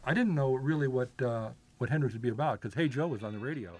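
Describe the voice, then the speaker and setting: A man's voice: medium pitch, fast, music in the background. An older man telling long rambling stories in a casual chat, full of filler words and restarts. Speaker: guest.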